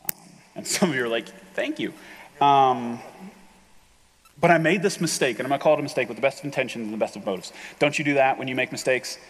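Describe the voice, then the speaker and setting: Candid pastor preaching in an echoing hall. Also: male voice, medium pitch, quick pace. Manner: candid, self-deprecating, conversational. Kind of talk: sermon. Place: large rented hall with reverb. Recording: long hall reverb.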